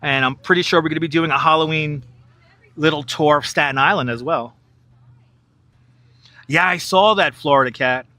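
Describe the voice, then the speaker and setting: A man's voice: a little high, normal speed, long pauses, bright, forceful tone, no echo. A man hosting a live stream outdoors, joking, laughing a lot and chatting to viewers on a wireless clip-on mic. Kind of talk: live-stream walking commentary. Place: outdoors in Manhattan by the river.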